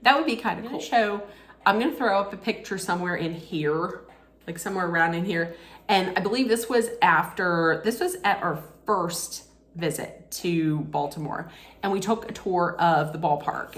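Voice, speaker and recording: A woman vlogger telling a casual story, animated and excitable, laughing often. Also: fairly low pitch, roomy sound.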